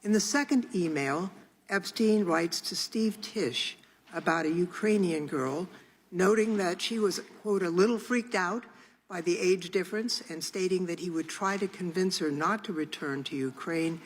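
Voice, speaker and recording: A committee member questions a witness in a measured voice at a formal hearing, reading documents aloud. A mid-range voice carries a long reverb from the large room, over faint background noise. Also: medium pitch.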